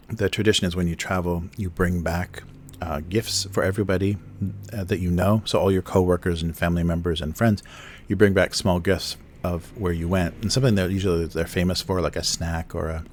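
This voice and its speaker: A low-pitched man chatting casually on his livestream from a home setup, talking close into a desk microphone. He wanders through his explanations with plenty of ums, uhs and restarts. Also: slight background noise. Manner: rambling, explains with many fillers and restarts. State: chewing food near the mic. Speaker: livestream host, cartoonist. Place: home studio in Japan. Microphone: close desk mic.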